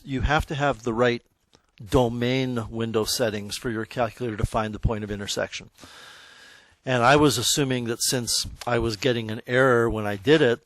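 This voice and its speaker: A man teaching a math class, explaining in a relaxed, conversational way that stops to check in with the students. His voice sits at an ordinary middle pitch for a man. The sound is dry and close, with little room echo. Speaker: high school math teacher. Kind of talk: classroom lecture.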